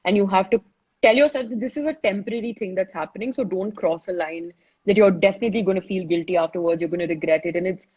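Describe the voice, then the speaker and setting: A woman's voice: medium pitch, quick pace, darkish tone, slightly rough, dull audio. A woman giving chatty, casual advice in a live online session, often saying "you know" and talking it through. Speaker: speaker giving advice on listening.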